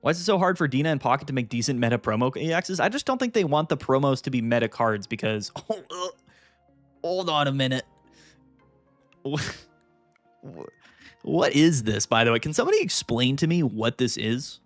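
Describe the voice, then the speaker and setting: Excitable man, live-stream host, casual rambling commentary, dry close mic, faint background music. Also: mid-range voice, moderate pace, dry recording. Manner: excitable, thinks aloud, frequent fillers, jumps between topics. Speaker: streamer hosting a live card-game stream.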